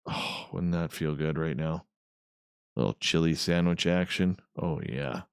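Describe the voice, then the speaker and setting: A man's voice: very deep voice, a little slow, clean tone, no room sound, clean studio sound. A man hosting a radio show, rambling and joking with swearing in a casual after-show chat while he edits.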